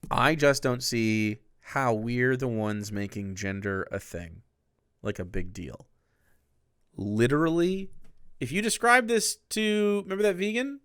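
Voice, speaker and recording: A male streamer talking casually and sarcastically, rambling from point to point with sudden animated bursts. His voice is smooth and resonant, at a middling pitch. It is close and dry, with no room sound. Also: no echo. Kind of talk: casual live-stream commentary.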